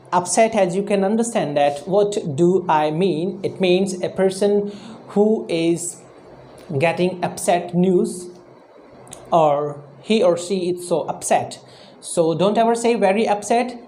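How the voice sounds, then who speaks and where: Mellow-voiced woman teaching words. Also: medium pitch. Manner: repeats key words slowly, often asks "all right?". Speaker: English teacher. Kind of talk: vocabulary lesson to camera.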